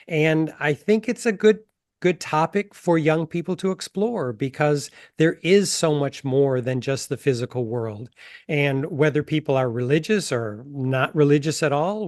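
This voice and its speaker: A man's voice: a little high, no echo, studio quality. A man being interviewed as an author, talking in a thoughtful, explanatory way. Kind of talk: interview conversation.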